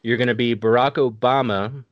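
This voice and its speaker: A man hosting a casual podcast, running a party game with a relaxed, chuckling manner. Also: medium pitch, normal speed, no room sound, lo-fi sound. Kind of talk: casual chat.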